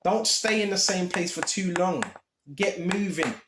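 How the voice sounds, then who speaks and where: A man's voice: high-pitched, measured pace, echoey room, background noise. A man preaching informally, impassioned and repetitive, with streetwise slang.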